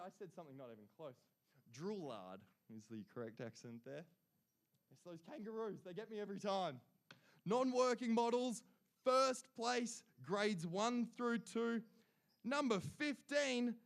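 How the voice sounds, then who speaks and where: A high-voiced man reads out award winners at a ceremony, taking his time over each name. He cheers each winner on and chats between announcements. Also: lively intonation, a little slow, fairly bright tone. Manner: enthusiastic, chatty asides between names.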